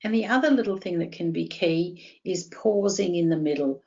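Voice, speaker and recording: A woman with an Australian accent, a counselling psychologist calmly explaining and guiding step by step. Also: fairly low pitch, moderate pace, lo-fi sound. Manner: steady, reassuring, guiding step by step. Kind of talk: calm explanatory interview talk.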